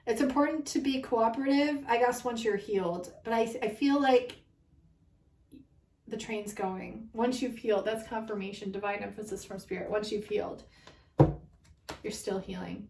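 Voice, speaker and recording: A woman with a fairly high voice gives a casual card reading to her viewers, emotional and overwhelmed as she talks. She sits back from the mic, and the room is echoey. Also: steady tone, normal speed, a little mellow, distant mic. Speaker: tarot card reader.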